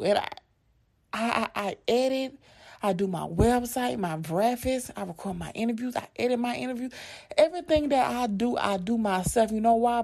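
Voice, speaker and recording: A woman's voice: mid-range voice, gravelly, darkish tone. A young woman, a content creator and podcast host, talking in an emphatic, casual monologue, often saying "like" and "right?". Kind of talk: casual direct-to-camera monologue.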